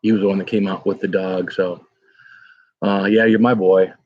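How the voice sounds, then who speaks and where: A man's voice: sits low, flat delivery, moderate pace, darkish tone, dry recording. A middle-aged man hosting a live stream from home, chatting casually and rambling with lots of fillers as he reads viewer comments. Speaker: livestream host. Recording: dry, dull lo-fi sound.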